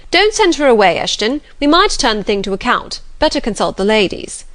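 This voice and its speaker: A woman voicing an eager gentleman colonel in an audiobook. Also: on the high side, very animated, fairly quick, voice pushed up.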